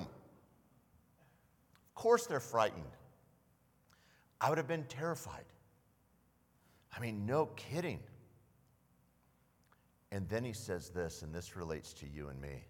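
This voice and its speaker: A man preaching a sermon as pastor, telling the story with animated asides and acted-out voices. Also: medium pitch, normal speed, long pauses. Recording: long hall reverb.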